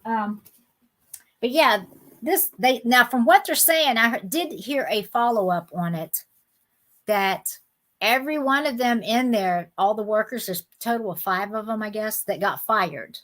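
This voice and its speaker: A woman's voice: fairly high pitch, unhurried, fairly bright tone. Woman, middle-aged, live-stream host, chatty, indignant, casual. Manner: chatty, indignant, talks straight to viewers by name.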